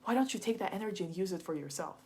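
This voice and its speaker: A woman's voice: mid-range voice, lively intonation, rapid-fire, darkish tone, husky. A woman voicing a blunt female friend who gives direct, hard advice with probing questions, in close to her own voice.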